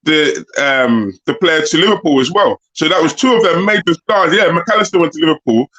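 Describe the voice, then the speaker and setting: A man's voice: a little high, lively intonation, brisk, pushed and bright. A man explaining his views emphatically as a panelist, heard over a dull lo-fi remote mic. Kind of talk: casual chat.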